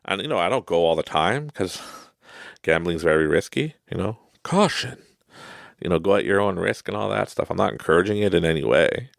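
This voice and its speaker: A man with a very deep, gravelly voice rambles through a casual motivational monologue. His pitch swings widely, and he fills his talk with asides and fillers. The sound is dry and close. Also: expressive, brisk, no echo. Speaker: podcast host.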